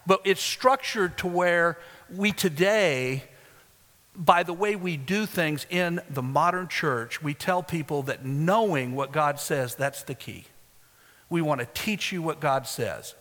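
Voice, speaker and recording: High-voiced preacher in a reverberant hall. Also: male voice, slow. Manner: storytelling preacher, rising loud for emphasis. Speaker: pastor. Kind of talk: sermon.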